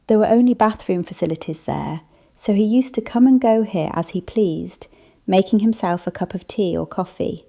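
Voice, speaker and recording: A woman voicing a proper, slightly uneasy older aunt who speaks in a measured way. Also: mid-range voice, creaky, warm tone.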